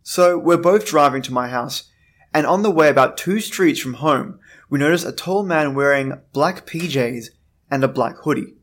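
A man's voice: fairly high pitch, moderate pace, fairly bright tone. A man hosting a scary story show, reading out listener-submitted tales with wry asides between them. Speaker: host of a scary story channel. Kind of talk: scripted narration of listener stories.

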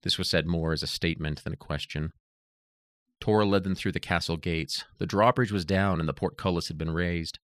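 A man narrating an audiobook in a steady, even reading voice. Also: deep voice, moderate pace, no echo, studio quality.

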